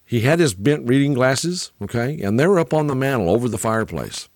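A man's voice: mid-range voice, lively intonation, fairly quick, a little mellow, dry recording, studio quality. A man in his sixties hosting a podcast, telling a story in a casual monologue, chuckling often and tagging his lines with "okay?". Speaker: podcast host.

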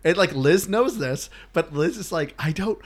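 A man's voice: a little high, expressive, a little slow. A man from New England co-hosting a podcast, chatting casually in a teasing, playful way. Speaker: podcast co-host. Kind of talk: casual chat.

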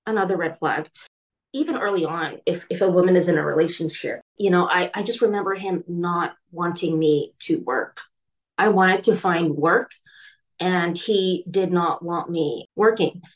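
A woman speaking as an interview guest, telling her own painful story in a candid, halting way. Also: on the low side, low-quality recording. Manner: candid, halting, emotional retelling. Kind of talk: personal storytelling.

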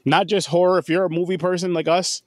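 A man hosting a casual movie podcast, talking in an animated, rambling way and swearing freely. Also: high voice, quick pace, no echo, studio quality. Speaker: podcast host. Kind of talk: casual chat.

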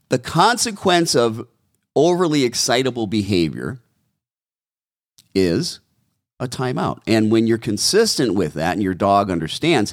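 A man's voice: mid-range voice, dry recording, clean studio sound. A man, a dog trainer, answering viewer questions in a direct, coaching way and repeating key instructions.

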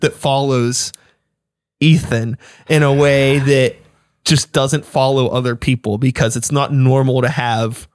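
Man, mid-pitched voice, rambling, thoughtful, hesitant, casual podcast chat. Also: steady tone, a little slow.

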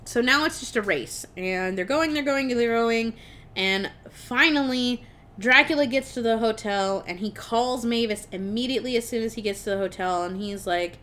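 A young adult woman on a podcast, casually retelling a film plot with lively swearing and laughter. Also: fairly high pitch, moderate pace. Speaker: podcast co-host reviewing a film. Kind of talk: casual chat.

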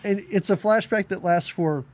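A male podcast co-host with a high-pitched voice chats casually about a film at a moderate pace. It's a relaxed film review conversation in which he laughs often and jumps between topics.

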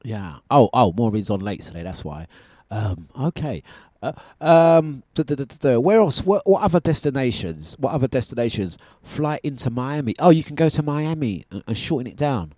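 A man's voice: medium pitch, moderate pace, dry recording, studio quality. Chatty man hosting breakfast radio. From United Kingdom. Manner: chatty, animated storytelling with laughs. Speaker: radio breakfast show host. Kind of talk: casual on-air chat. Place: radio studio.

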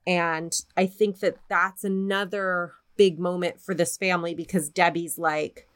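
Woman podcast co-host, slightly low voice, chatty and foul-mouthed storyteller. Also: measured pace, hardly any pauses. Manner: profane, animated retelling of a spooky story. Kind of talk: casual storytelling.

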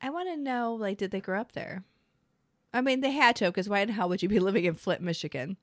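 A woman's voice: medium pitch, lively intonation, a little fast, no room sound, clean studio sound. Gushing, sentimental woman co-host. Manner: gushing, sentimental, filler-heavy. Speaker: podcast co-host. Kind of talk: casual chat about music.

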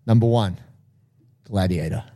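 Mellow-voiced man in animated movie chat. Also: on the low side, measured pace. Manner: animated, swearing, acts out film quotes.

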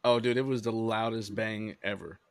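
A man co-hosting a podcast in casual chat, excitable and slangy, laughing as he tells stories. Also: lowish voice, normal speed, a crowd in the background. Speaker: podcast co-host.

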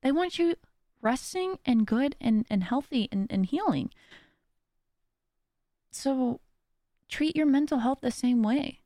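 A woman's voice: high-pitched, lively intonation, slow pace, pauses often, warm tone, dry recording, clean studio sound. A woman hosting a podcast, talking earnestly in a casual, rambling monologue with many restarts. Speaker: podcast host.

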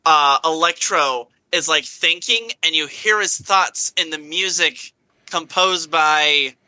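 Podcast co-host, male, bright, opinionated, dry close mic. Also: on the high side, slow, no room sound, low-quality recording. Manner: opinionated, emphatic complaining. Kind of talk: casual film chat.

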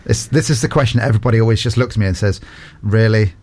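A man hosting a radio show, firing off playful quick questions and laughing often. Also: medium pitch, darkish tone. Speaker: radio host. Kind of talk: casual quick-fire interview.

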